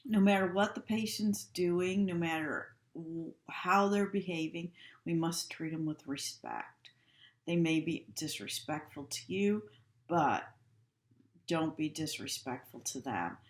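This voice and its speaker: Low, slow-talking woman trainer in an echoey room. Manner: calm, instructive, repeats key points. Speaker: healthcare trainer. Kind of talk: recorded training talk.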